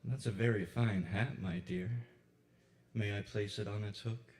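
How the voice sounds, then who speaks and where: Man reading a slow-paced poem. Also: on the low side, steady tone, a little mellow. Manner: slow, with deliberate pauses. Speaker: open mic poet. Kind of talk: live poetry reading. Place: kava bar venue.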